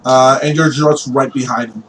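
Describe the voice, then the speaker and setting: A man's voice: mid-range voice, fairly even intonation, moderate pace, recorded from a distance, slight background noise, low-quality recording. A man narrating a tabletop game as game master, rambling with many fillers.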